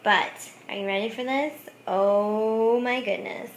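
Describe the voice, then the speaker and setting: A woman's voice: fairly high pitch, fairly even intonation, takes it slowly, slight background noise. A woman craft vlogger chatting casually about thrift finds, giggling often and saying "like" a lot. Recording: echoey room.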